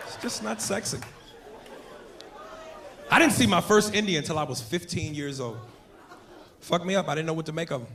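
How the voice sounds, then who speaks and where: Brash, crude stand-up comedian. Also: male voice, fairly high pitch, a bit bright, some chatter behind. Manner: crude, brash, rapid-fire jokes. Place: comedy club stage.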